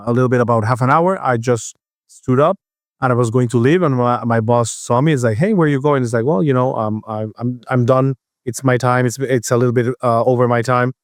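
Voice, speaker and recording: A man co-hosts a casual podcast, telling a work story at an ordinary pitch. He stops and restarts often and acts out the other people's lines as he goes. The sound is dry and close. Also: no room sound. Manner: storytelling, halting with restarts, acts out quoted voices. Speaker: podcast co-host. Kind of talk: casual chat.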